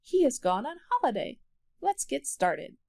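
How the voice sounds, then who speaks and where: A cawing, self-assured female magpie, put on by a woman reading a storybook. Her voice sits high and bright above the reader's own, with big swoops in pitch and a gravelly edge. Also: very animated, a little slow, heavily acted. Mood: proud. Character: bossy, proud female magpie bird. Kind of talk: children's storybook read-aloud.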